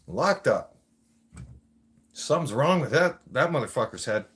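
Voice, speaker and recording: A man's voice: mid-range voice, expressive, measured pace, pauses often, fairly bright tone. A man hosting a livestream, ranting bluntly with lots of swearing. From Canada. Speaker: livestream host. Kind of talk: profane casual rant.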